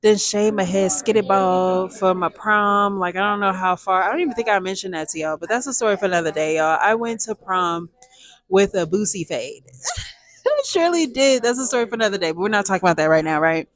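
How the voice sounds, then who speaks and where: A young woman, telling a personal story to viewers in a lively, chatty way. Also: medium pitch, a little fast. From Texas, USA. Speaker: storytime vlogger.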